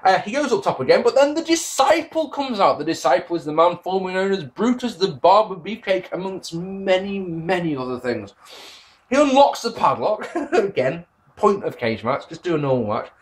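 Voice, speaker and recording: A man's voice: sits high, very animated, normal speed. A man giving a casual spoken review, sarcastic and exasperated, swearing freely. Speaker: wrestling reviewer.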